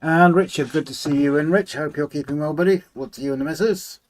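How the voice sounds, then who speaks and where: A man hosts a relaxed livestream from his model railway room. He reads out viewer comments, greets each person by name in a friendly, chatty way, and hums to himself while he tinkers with the layout. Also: a little high, a little fast. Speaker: livestream host. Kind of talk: casual live chat, reading out viewer comments.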